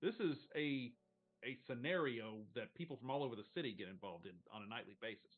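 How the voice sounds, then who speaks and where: A man's voice: medium pitch, lively intonation, fast, phone-quality sound. A man running a tabletop game as game master, narrating casually, rambling and swearing freely.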